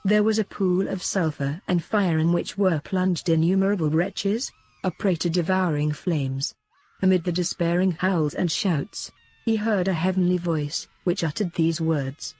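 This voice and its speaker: A woman reading a devotional book aloud as an audiobook narrator, in a steady, measured way. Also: fairly low pitch, husky. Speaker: audiobook reader.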